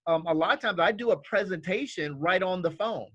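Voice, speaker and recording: A man's voice: sits high, a little fast, fairly bright tone, no echo, muffled recording. A man training new team members in a casual, coaching way. He often checks in with "okay?" and acts out quoted lines in livelier voices. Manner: coaching, repeats "okay?" and "all right?" often.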